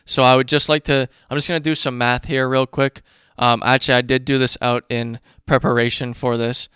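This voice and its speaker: Smooth, heated man ranting on a podcast. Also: mid-range voice, little pitch movement, brisk, fairly bright tone, no echo, studio quality. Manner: profane, worked-up ranting with running math. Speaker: podcast host. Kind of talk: casual ranting commentary.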